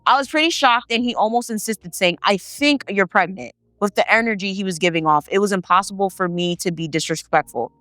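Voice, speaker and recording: Bright, crisp woman reading stories. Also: medium pitch, fast, hardly any pauses, no echo. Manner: chatty, slangy asides between read passages. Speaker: host reading viewer stories. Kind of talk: reading stories aloud with casual commentary.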